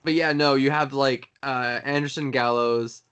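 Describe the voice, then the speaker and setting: Guy recapping wrestling, lively, puts on voices for the quotes. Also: mid-range voice, a little slow, smooth. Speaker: podcast co-host. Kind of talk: casual chat.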